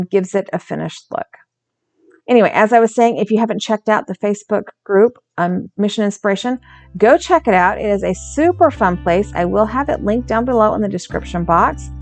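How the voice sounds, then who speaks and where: A woman talks casually over her crafting, explaining each step as she goes. Her voice carries a gravelly fry at a mid pitch, and she often catches and corrects her own words. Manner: chatty, self-correcting, stumbles over words. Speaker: craft channel host.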